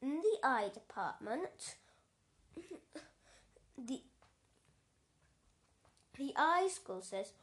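A woman's voice: sits high, sing-song, extremely slow, pauses often. A woman reading a comic story aloud, with small stumbles and restarts.

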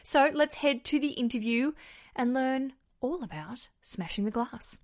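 A woman's voice: high voice, unhurried. Bubbly Australian woman hosting a podcast. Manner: bubbly and joking. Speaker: podcast host. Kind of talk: casual podcast chat.

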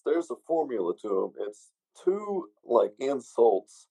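A man's voice: mid-range voice, big pitch swings, a little slow, dark tone, husky, dry recording, rough recording. A man co-hosting a podcast in casual, joking chat, laughing often. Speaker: podcast co-host.

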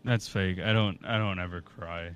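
A man's voice: deep voice, fairly even intonation, moderate pace, a bit bright, muffled recording. A man hosting a casual chat stream, joking and playful, with faint music in the background. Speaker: stream host.

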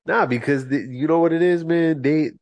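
A man's voice: a little high, moderate pace, darkish tone, dry recording. A man co-hosting a podcast in casual chat, laid-back and agreeable, often chiming in briefly. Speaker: podcast co-host.

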